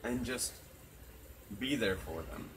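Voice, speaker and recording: A man's voice: mid-range voice, expressive, slow, background noise. A man in casual chat, talking earnestly and reflectively and swearing freely, outdoors at night. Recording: crickets chirping loudly behind.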